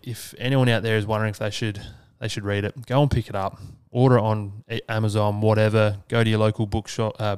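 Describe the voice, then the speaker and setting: Australian man, lowish smooth voice, dry close sound, chatty and sweary podcast host. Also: dry recording. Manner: earnest, swears freely, loose and chatty. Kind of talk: casual solo podcast talk.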